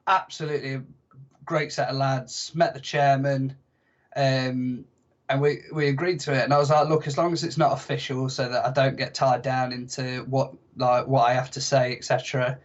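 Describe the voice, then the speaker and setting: A man's voice: mid-range voice, flat delivery, moderate pace, dull audio. A young man telling stories as a podcast guest, chatty and self-mocking. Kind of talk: casual podcast chat.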